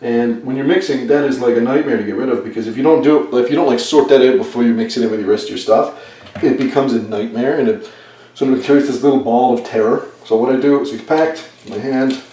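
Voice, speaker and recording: A man's voice: mid-range voice, warm tone. A man chatting casually and rambling while he bakes at home, poking fun at himself as he works. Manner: self-deprecating, rambling, talks while working. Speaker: home cook filming a baking video. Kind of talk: casual talk while cooking. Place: home kitchen. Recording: echoey kitchen, distant camera mic.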